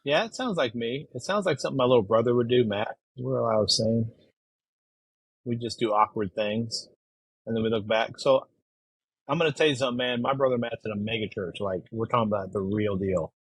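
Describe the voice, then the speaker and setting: A man's voice: mid-range voice, fairly quick, slightly rough, no echo, poor audio. A man who is a guest on a podcast, chatting loosely and laughing easily. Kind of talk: casual chat.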